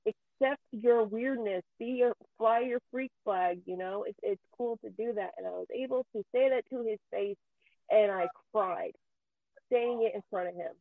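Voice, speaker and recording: A woman ranting with anger and deep feeling, swearing often, her voice near tears at times. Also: moderate pace, gravelly, dry recording. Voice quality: profane, heated, voice near tears. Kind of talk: angry emotional rant. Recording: tinny phone-like sound.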